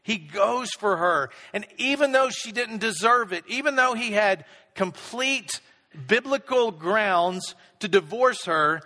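Middle-aged pastor guy, high bright voice, chatty self-deprecating sermon storytelling, big echoey church hall. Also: animated, slow pace. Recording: long reverb of a large hall.

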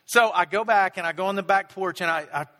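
A middle-aged pastor preaching with a high, bright voice that rings out in the long reverb of a big hall. He tells a self-deprecating story in a relaxed, chatty way. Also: quick pace. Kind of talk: storytelling sermon.

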